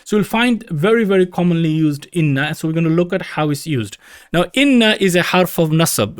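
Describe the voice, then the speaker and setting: Patient man teaching Arabic grammar. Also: on the high side. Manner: patient, repeats key points for emphasis. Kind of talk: recorded lecture.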